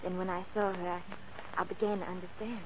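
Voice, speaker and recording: A woman playing a gentle, earnest young woman in a 1940s radio drama. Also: lowish voice, level tone, fast talker, noisy background, close to an everyday voice. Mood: tender. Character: warm-hearted young woman in love. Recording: tinny old radio broadcast.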